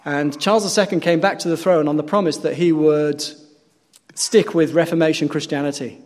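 A male pastor preaching a sermon, telling stories earnestly and swinging between loud emphatic peaks and quiet low passages. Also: steady tone, normal speed. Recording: long hall reverb.

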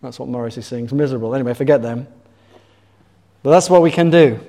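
A man's voice: mid-range voice, quick pace, pauses often, warm tone. A man preaching a sermon in a conversational way, asking the congregation questions. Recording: long reverb of a large hall.

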